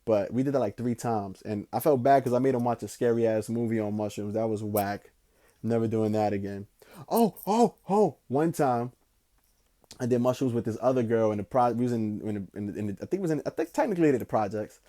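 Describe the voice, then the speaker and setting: A young man casually telling a rambling story, slangy and profane, drifting between slow musing and excited bursts. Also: medium pitch. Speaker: podcast host.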